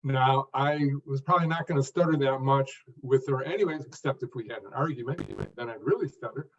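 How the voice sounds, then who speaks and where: A man answering interview questions in a measured, earnest way, speaking phrase by phrase with pauses. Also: medium pitch, breathy edge. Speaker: guest, stuttering coach. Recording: distant, dull lo-fi audio.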